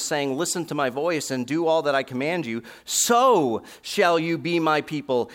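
Pastor guy giving a sermon, bright punchy voice, slows way down on the big verses. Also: medium pitch. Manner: preaching with dramatic slow emphasis on scripture lines. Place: warm church sanctuary.

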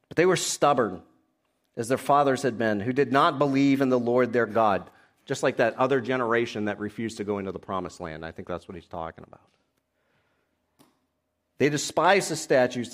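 A man, a pastor, preaching a sermon, reading scripture passages aloud and explaining them verse by verse. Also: medium pitch.

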